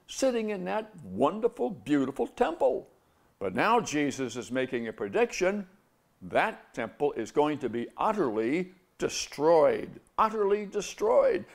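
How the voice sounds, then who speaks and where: Gravelly-voiced man teaching the Bible. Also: a little high, a little mellow. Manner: earnest preaching with rhetorical questions.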